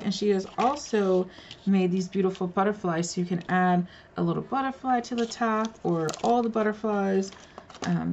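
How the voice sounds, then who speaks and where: A woman's voice: mid-range voice, gravelly, a little mellow, highs cut off, slight background noise. A woman casually showing off handmade crafts in an unboxing vlog, gushing and muttering little asides as she handles the pieces. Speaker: crafter revealing a card swap.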